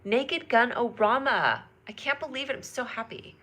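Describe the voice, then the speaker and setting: A woman's voice: a little high, expressive, normal speed, background noise. A woman hosting a casual phone live stream, bubbly and giggly, chatting with viewers and reading their comments aloud. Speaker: livestream host. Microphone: phone camera.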